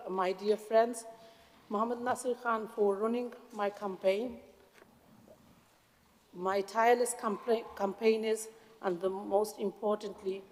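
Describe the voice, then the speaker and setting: A woman giving a formal mayoral acceptance speech with a Greater Manchester accent, emotional and halting, often stopping to restart her words. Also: mid-range voice, darkish tone. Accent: English, Greater Manchester. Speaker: incoming civic mayor. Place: council chamber. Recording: long hall reverb.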